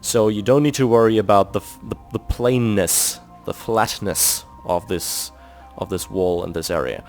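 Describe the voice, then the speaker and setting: A man's voice: lowish voice, normal speed, hardly any pauses. A man from Germany with a German accent, thinking aloud and explaining step by step as he builds in a game. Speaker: video game builder host. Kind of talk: casual commentary while building in a game. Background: faint background music.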